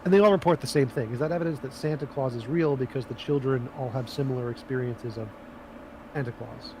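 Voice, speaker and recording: A man's voice: medium pitch, a little fast, mellow. Man with rhetorical questions, noisy background. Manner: argues with rhetorical questions and examples. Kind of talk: casual debate.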